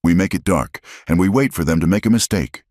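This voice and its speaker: A man's voice: deep voice, lively intonation, a little fast, darkish tone, no echo, studio quality, voice pushed up. A man voicing a fierce frontier woman in a western audio story, speaking with urgent command. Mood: hard, resolute.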